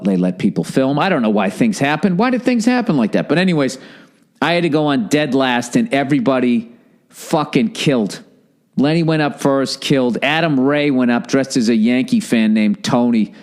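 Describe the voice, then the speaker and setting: A man's voice: medium pitch, darkish tone. A man hosting a podcast, telling a rambling, profane story in a casual, wry monologue. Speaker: podcast host.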